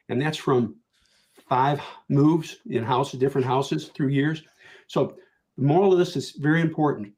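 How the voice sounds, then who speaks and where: A man's voice: medium pitch, darkish tone. An older man speaking earnestly as a panelist on a video call, repeating his key points for emphasis. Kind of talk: virtual conference panel talk.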